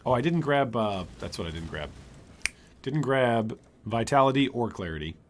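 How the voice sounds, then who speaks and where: A man streaming gameplay, chatty and animated, commenting on his build and answering chat. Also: mid-range voice, moderate pace, a little hiss or hum. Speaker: streamer, game host.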